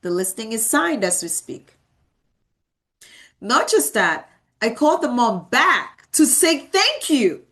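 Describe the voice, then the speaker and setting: A woman's voice: on the high side, big pitch swings, slow pace, long pauses, fairly bright tone. A woman in her thirties giving a realtor training talk, emphatic and repeating key words as she tells stories from her work. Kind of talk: motivational training talk with anecdotes.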